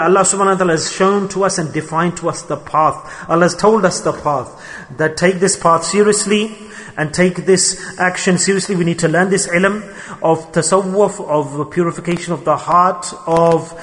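Guy preaching a sermon, pretty high voice, lots of hall reverb, gets worked up telling stories. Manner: emotional, animated retelling with quoted voices. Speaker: Islamic preacher. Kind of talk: sermon with storytelling.

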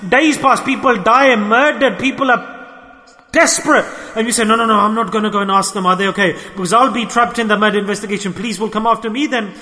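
A man's voice: very high-pitched, bright, forceful tone. A man preaching a sermon with fervent storytelling and repeated exclamations. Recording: echoey hall reverb.

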